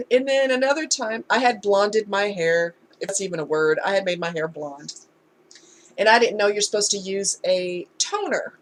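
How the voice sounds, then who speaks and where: A woman's voice: mid-range voice, animated, moderate pace, a little hiss or hum. A woman speaks in a candid, heartfelt storytime vlog. Her voice sits in an ordinary middle register, and she talks in a loose, conversational way. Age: adult. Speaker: vlogger. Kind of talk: casual storytime chat.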